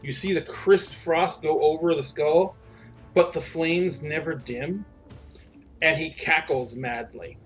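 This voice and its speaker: A man acting as game master, narrating a tabletop game in a relaxed, joking way. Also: a little high, takes it slowly, faint music behind.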